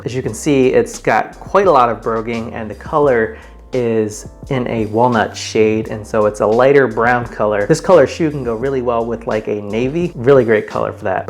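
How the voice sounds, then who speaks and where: A man hosting a men's style vlog, explaining in a chatty, informal way as he shows items to the camera. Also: medium pitch. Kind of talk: casual presenting to camera.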